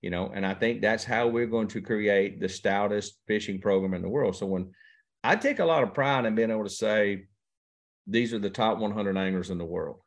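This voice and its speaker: A man's voice: on the low side, moderate pace. A man, a professional angler telling stories in a casual interview chat. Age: 50s. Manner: folksy storyteller, drawling, quotes others in conversation. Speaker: guest angler.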